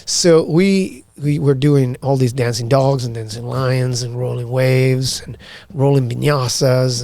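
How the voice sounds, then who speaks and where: A man's voice: mid-range voice, a little slow, creaky, no echo. A man from Argentina, a podcast guest, telling a story in casual chat with lots of profanity, acting out the dialogue. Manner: animated, profane, acts out quoted dialogue.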